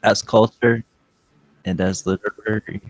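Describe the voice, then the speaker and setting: A man co-hosting a casual comedy podcast, giving short deadpan answers and laughing easily. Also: fairly low pitch, a little slow, dry recording, rough recording. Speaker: podcast co-host.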